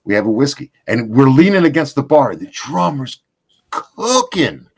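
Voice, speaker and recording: A man hosting a casual chat, telling a gig story in an animated way. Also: medium pitch, normal speed, creaky, breathy edge. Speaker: podcast host.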